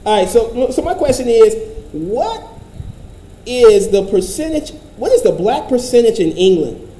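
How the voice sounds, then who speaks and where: A man's voice: extremely high pitch, big pitch swings, unhurried, dark tone, reverberant, low-quality recording. A man giving casual commentary, profane, blunt and rambling.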